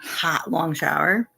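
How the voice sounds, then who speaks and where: Chatty middle-aged woman host, lowish voice, greets viewers by name, laughs easily. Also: creaky, pushed and bright, husky. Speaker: livestream host. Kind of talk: casual live chat.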